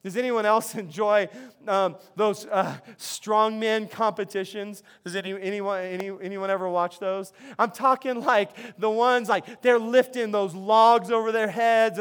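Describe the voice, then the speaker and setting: A man's voice: high-pitched, a bit bright, smooth. A man preaching a sermon as pastor in a conversational way, often repeating words as he restarts his sentences. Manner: conversational, frequent word repetitions and restarts.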